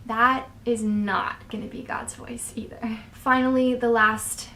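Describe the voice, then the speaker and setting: Young woman, faith vlogger, fairly high voice, earnest and chatty, wanders off on tangents. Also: creaky, a little hiss or hum. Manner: earnest and chatty, drifts into tangents, laughs softly. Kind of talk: casual faith advice talk.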